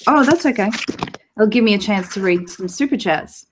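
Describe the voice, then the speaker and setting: A woman's voice: mid-range voice, expressive, moderate pace, noisy background. A woman hosting a casual live stream over a video call, easygoing as she chats with her guest and reads viewer comments aloud. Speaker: host.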